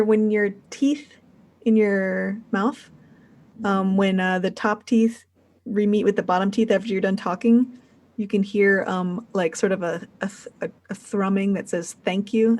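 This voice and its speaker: A woman's voice: mid-range voice, a little mellow. Rambling woman game master. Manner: rambling, fillers, giggly. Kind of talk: narrating a tabletop game.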